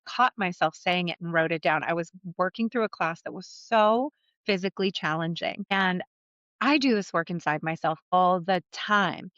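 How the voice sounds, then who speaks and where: A woman's voice: lowish voice, fairly bright tone, no room sound. A woman podcast host and life coach talking through a solo episode in a candid, conversational way, blunt and willing to swear. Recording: dull, slightly muffled dry recording.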